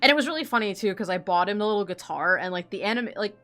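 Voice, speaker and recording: A woman's voice: medium pitch, expressive, very fast, a bit bright, soft background music. Giggly rambling woman, casual chat. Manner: rambling, giggly, heavy on "like" fillers. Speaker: artist chatting while drawing.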